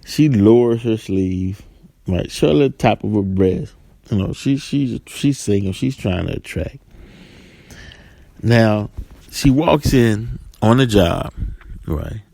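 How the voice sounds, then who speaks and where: A man's voice: on the low side, lively intonation, slow pace, gravelly, pauses often, warm tone, dry recording. A man hosting a talk radio show, rambling through his points and often tagging them with "right?". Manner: rambling, keeps asking "right?".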